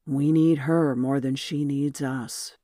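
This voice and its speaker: An audiobook narrator voicing a protective, commanding man who speaks softly, low and firm, in a dry, close recording. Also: steady tone, takes it slowly, no echo, lightly acted. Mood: calm. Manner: soft-spoken, low and firm. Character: protective commanding young male leader.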